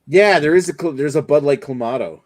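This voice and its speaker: A man's voice: on the high side, a little fast, crowd noise. A man hosting a casual beer review show, chatting loosely and swearing now and then. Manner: laid-back, swears casually, animated. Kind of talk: casual chat.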